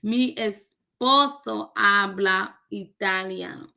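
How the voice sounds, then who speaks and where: A woman's voice: medium pitch, slow, vocal fry, bright, forceful tone. A woman learning a language on camera, chatting casually and joking with her viewers. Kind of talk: casual chat while doing a recorded lesson.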